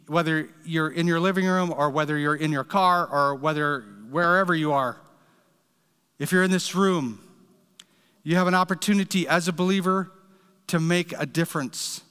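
A man's voice: fairly high pitch, a bit bright, clean tone, in a large hall. A man preaching a sermon, telling a story in an earnest, direct way. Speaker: pastor.

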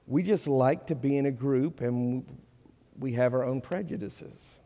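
A man's voice: medium pitch, measured pace, dark tone. A middle-aged male pastor preaching a sermon, earnest and conversational, building to emphatic peaks. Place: church sanctuary. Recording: long reverb of a church hall.

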